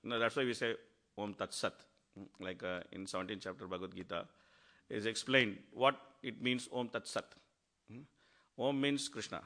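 Man, animated devotional storyteller, bright forward tone. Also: moderate pace. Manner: animated storytelling, acts out quotes with rising pitch. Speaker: speaker at a devotional class. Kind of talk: devotional talk.

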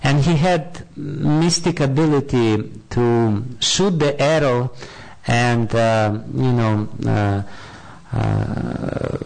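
Slow, gravelly man retelling a scripture tale. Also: medium pitch, a little mellow, low-quality recording. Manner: halting, searching for words. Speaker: spiritual storyteller. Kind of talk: retelling a scripture story in a talk.

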